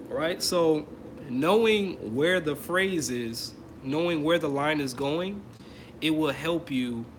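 A man's voice: a little high, fairly bright tone, a little hiss or hum. A man teaching trumpet in an online masterclass, explaining casually with many fillers and restarts. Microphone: computer mic on a video call.

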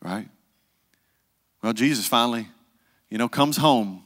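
A male pastor, preaching a conversational sermon and dropping to a hush for the solemn parts. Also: mid-range voice, measured pace, in a large hall. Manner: conversational preaching, acts out quoted voices, drops to hushed tones.

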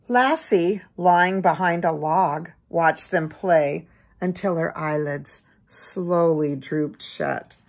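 A woman gently reading a children's book aloud in an expressive bedtime manner. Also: on the low side, slow pace. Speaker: storybook reader.

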